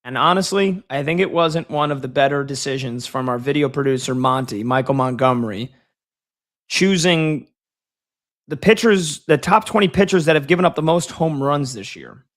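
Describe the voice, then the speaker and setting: Bright-voiced chatty sports radio host. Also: male voice, on the high side, normal speed. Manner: chatty, joking, energetic. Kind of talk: casual sports talk.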